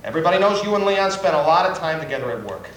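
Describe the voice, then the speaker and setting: Actor as a prying cop, quick talker, distant and roomy. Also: male voice, fairly high pitch, sing-song, a bit bright, a little hiss or hum. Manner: quick needling questions. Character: nosy male policeman, smooth and prying. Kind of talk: live stage acting. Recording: echoey theater recording from far off.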